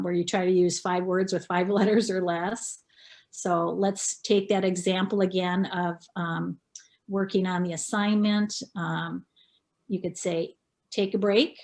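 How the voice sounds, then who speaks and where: A woman's voice: medium pitch, darkish tone. A middle-aged woman from Minnesota with a Minnesota accent, a school counselor giving a parenting presentation in a friendly, conversational way with frequent fillers.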